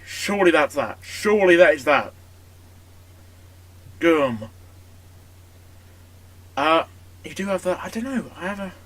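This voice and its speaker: Male gaming YouTuber with a high voice, chatty match commentary that spikes into shouting. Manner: chatty, erupts into excited shouting at big moments. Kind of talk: casual commentary over a football management game.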